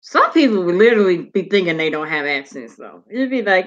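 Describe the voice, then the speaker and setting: A woman hosting her own channel, chatting casually and reading viewer comments out loud, loose and slangy with frequent swearing. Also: on the low side, big pitch swings, brisk, highs cut off.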